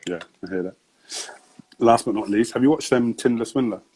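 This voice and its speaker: A man hosting a casual interview, relaxed and laughing often. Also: mid-range voice, fairly quick, slightly rough, poor audio. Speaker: host.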